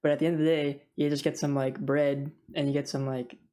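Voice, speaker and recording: A woman's voice: rumbling low, flat delivery, a little fast, mellow. A young woman who works in food service rants casually to camera, rambling with many fillers and frequent laughs. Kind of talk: casual vlog rant.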